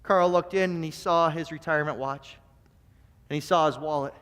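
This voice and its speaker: A man preaching a sermon, telling a story and often repeating words as he starts phrases, swinging between soft and emphatic. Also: on the high side, steady tone, moderate pace, clear, resonant tone. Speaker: pastor. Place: church sanctuary. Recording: long church reverb.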